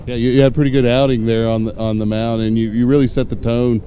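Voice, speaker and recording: Dark-voiced man halting through a dugout interview. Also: medium pitch, level tone, slight background noise. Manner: halting, filler-heavy questions. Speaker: sideline interviewer.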